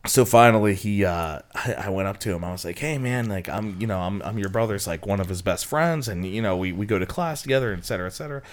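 A man's voice: lowish voice, quick pace, few pauses. A young man co-hosting a podcast, telling a rambling story in casual chat, laughing and mimicking voices. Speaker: podcast co-host.

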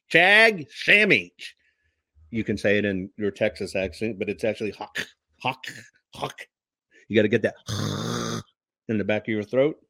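A man's voice: fairly low pitch, gravelly, a bit bright, dry recording, clean studio sound. A man hosting a show, talking loosely about history with many fillers and restarts. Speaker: host. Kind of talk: casual spoken history talk.

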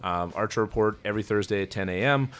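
Low-voiced man, laid-back podcast guest. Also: fast talker, fairly bright tone, smooth. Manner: laid-back, plugs his channels. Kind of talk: casual chat.

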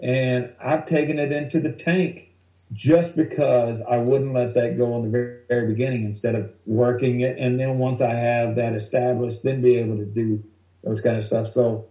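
Man, stand-up comedian, animated rambling anecdotes, mellow tone, echoey room. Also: medium pitch, normal speed. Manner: animated, rambling anecdotes that act out other people's lines. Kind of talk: casual storytelling interview.

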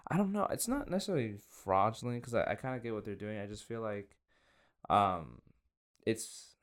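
A young man hosting a loose podcast conversation, his voice sitting a little low. He talks in halting bursts, circling back with fillers and restarts, and jokes at his own expense. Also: lively intonation. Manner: halting, self-deprecating, many restarts and fillers. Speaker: podcast host. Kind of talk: casual chat.

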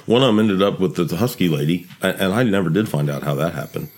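A man co-hosting a podcast, telling a story in casual chat, halting and searching for words. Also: low voice, animated, darkish tone. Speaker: podcast co-host.

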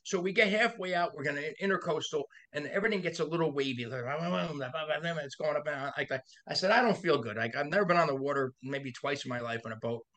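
A man's voice: a little high, brisk, few pauses. A man, a body shop owner on a podcast, telling rambling stories in casual chat, laughing, swearing and acting out the voices of people in them. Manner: animated, profane, laughs through stories, acts out voices.

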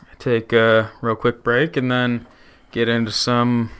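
Male co-host, bright and clear, upbeat, steers the segments. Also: mid-range voice, monotone, measured pace. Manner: upbeat, moves the show along. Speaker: podcast host. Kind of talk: casual podcast chat.

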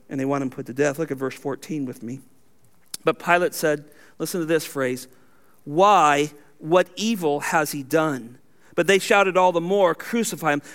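A man with a notably high voice delivers a sermon as pastor. He reads scripture aloud and swings between raised, emphatic lines and low, quiet asides.

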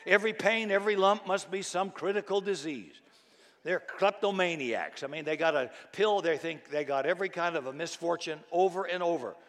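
Male preacher, sermon, fairly high voice, long hall reverb, dramatic swings from soft to shouted. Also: a little fast. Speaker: pastor.

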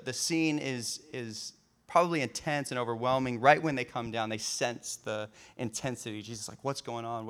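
Casual, animated man preaching. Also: a little high. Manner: reads scripture then riffs casually, animated with laughs. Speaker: pastor. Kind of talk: sermon.

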